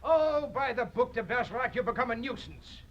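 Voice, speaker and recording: A man's voice: extremely high pitch, lively intonation, fairly quick, a little hiss or hum. An actor playing an arrogant, easily outraged nobleman in a vintage radio drama. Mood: haughty. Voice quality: haughty, indignant. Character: blustering arrogant nobleman picking a duel.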